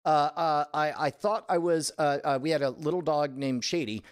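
A podcast host with a slightly raised pitch talks in loose, comedic chat. He stammers and circles around his point with filler words, piling up restarts as he tells a story. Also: normal speed, clear, resonant tone, no echo, clean studio sound.

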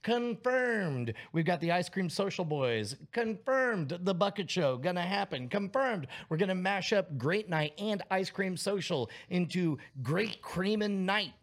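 A man with a slightly high voice, hyping up an upcoming event on a podcast. He swears freely and stumbles through "uh" fillers while he talks in excited banter. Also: moderate pace, hardly any pauses. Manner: hyped, profane, hesitant fillers. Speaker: podcast co-host. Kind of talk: casual comedic banter.

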